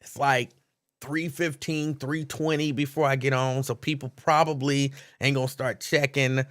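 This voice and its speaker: A man's voice: medium pitch, a bit bright. A man hosting a live call-in stream, chatting casually, reading out viewers' names and laughing easily.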